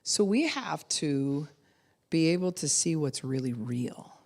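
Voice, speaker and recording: A middle-aged woman pastor preaches with a low, deep voice. She talks casually and animatedly, acting out little quotes and breaking into laughter as she goes. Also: sing-song, slow, a little mellow. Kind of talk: sermon.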